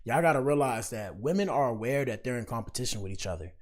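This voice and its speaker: Talking fast and expressively in a medium-pitched voice, a man runs a solo commentary podcast in casual slang. He's preachy and keeps repeating himself.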